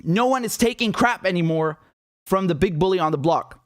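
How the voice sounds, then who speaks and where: A young man hosting a live political commentary stream, animated and scornful, laughing often and restarting his sentences. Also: high voice, moderate pace, no echo, clean studio sound.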